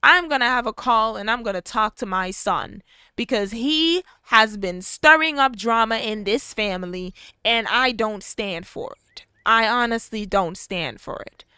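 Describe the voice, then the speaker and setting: A woman's voice: a little high, unhurried, sharp tone, clean tone, no room sound. A woman doing a stern older father. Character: older protective father, stern but kind.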